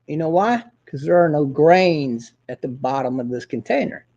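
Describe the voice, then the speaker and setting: A man's voice: a little high, animated, moderate pace, dark tone, lo-fi sound. A man hosting his own show, ranting in a profane, combative and boastful way. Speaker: host. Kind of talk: casual ranting monologue.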